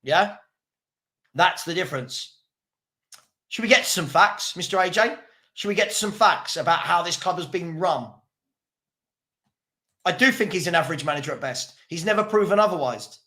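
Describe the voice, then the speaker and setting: Host, male, high voice, live-stream chat reader, combative and mocking, loops back on his own lines. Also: expressive, normal speed, pushed and bright. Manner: combative, mocking, repeats himself. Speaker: fan channel host. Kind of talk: live-stream commentary reading chat comments.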